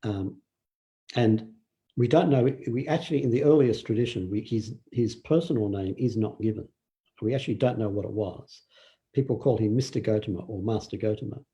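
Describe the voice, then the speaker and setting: An older man giving a relaxed dharma talk, telling stories with fillers and acted quotes. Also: on the low side, moderate pace. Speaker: meditation teacher.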